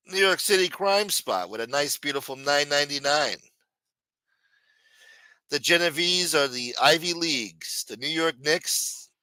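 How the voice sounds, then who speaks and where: Brief: loud-mouthed male stream host, bright tense voice, dry close mic. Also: a little high, dry recording, low-quality recording. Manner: brash, profane, shouts out chat donors. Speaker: livestream host. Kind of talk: casual livestream chat.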